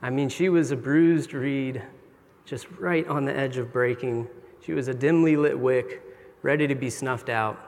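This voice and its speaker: A middle-aged man preaches with earnest, confessional candor, talking to his congregation as if in conversation. His voice sits at an ordinary male pitch. It rings out with the long reverb of a large church sanctuary. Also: fairly even intonation, unhurried. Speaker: pastor. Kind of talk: sermon.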